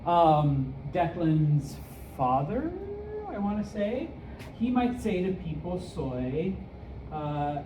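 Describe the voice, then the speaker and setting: A middle-aged man from the United States teaching a casual classroom lesson, rambling with lots of fillers and quick check-ins. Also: fairly high pitch, big pitch swings, noisy background. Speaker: Spanish teacher.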